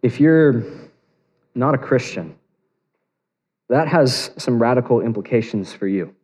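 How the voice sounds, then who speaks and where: A man's voice: medium pitch, animated, unhurried, darkish tone, husky. Man preaching in a reverberant hall. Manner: earnest, building to emphatic peaks. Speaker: pastor. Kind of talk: sermon. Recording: long reverb of a large hall.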